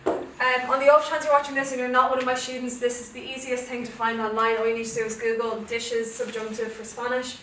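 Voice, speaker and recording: Irish woman teacher, fairly high voice, chatty step-by-step explaining, distant mic in a very echoey classroom. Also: little pitch movement, a little fast, hardly any pauses, a bit bright. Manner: chatty, explains step by step with frequent "okay?" checks. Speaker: Spanish teacher. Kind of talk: classroom revision lesson. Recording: echoey classroom from far off, faint noise.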